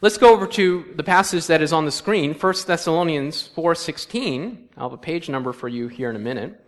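A man preaching a sermon in a church. He reads scripture aloud and quizzes the congregation, moving between quiet asides and emphatic lines. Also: on the high side, brisk. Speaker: pastor. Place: church sanctuary.

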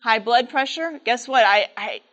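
A woman speaking to a church congregation, with a slightly high voice. She tells a story in a lively, animated way and keeps turning to her listeners with asides. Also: normal speed, lo-fi sound. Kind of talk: storytelling sermon talk.

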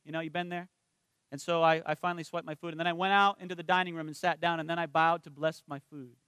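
A male minister preaching a sermon in a conversational way. He tells personal stories, asks the congregation for responses, and slows down and softens on spiritual points. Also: a little high, fairly even intonation, clear, resonant tone, no echo.

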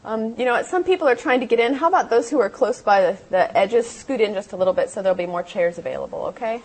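A woman's voice: a little high, lively intonation, quick pace, a little mellow, breathy edge. A woman telling her life story to a seated audience in a meeting hall, earnest and heartfelt, acting out the voices in her memories. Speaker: motivational speaker. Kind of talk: testimony talk to a live audience.

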